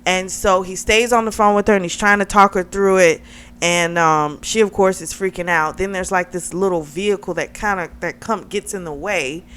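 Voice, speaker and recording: Smooth-voiced woman chatting through a book. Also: lowish voice, normal speed. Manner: chatty and animated, heavy use of "like", laughs often. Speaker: book reviewer. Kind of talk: casual plot recap.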